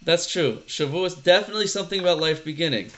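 A male teacher with a slightly high voice gives a casual lesson, speaking conversationally and tossing questions to the class. His storytelling is animated, and he often stresses his point with energy. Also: fast talker.

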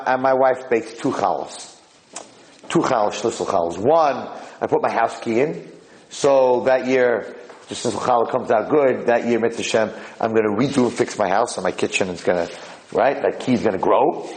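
A man's voice: medium pitch, poor audio. Guy giving a torah talk, tells stories, does the voices, keeps saying right?. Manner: animated storyteller, acts out dialogue, frequent "right?". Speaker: lecturer. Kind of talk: Torah lecture with personal stories.

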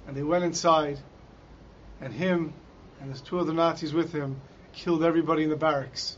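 A man's voice: a little high, fairly even intonation, brisk. A man giving a Torah talk as a dramatic storyteller who raises his voice for quoted lines. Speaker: Torah teacher. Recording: dull lo-fi recording.

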